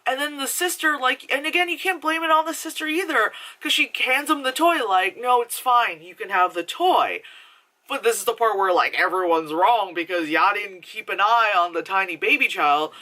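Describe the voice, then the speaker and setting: A young woman with a fairly high voice talks a little fast with few pauses as she casually reviews a movie. She rambles, swears freely, and leans on filler words, often laughing while she animatedly retells scenes.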